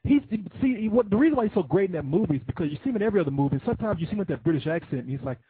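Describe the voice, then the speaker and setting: A man hosting a call-in show, chatting casually with callers in an excitable, joking way. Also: high-pitched, rapid-fire, husky, dry recording, phone-quality sound.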